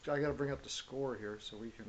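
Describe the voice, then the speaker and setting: A man's voice: medium pitch, fast talker. A man hosting a casual hockey chat show, upbeat and jokey as he greets viewers and talks through picks. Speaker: show host.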